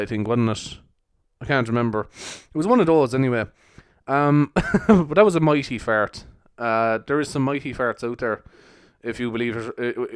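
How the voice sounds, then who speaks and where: A man's voice: mid-range voice, dry recording, clean studio sound. A young man hosting a casual solo podcast, rambling with lots of fillers and frequent laughs. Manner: rambling, laughs often, heavy use of fillers. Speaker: podcast host.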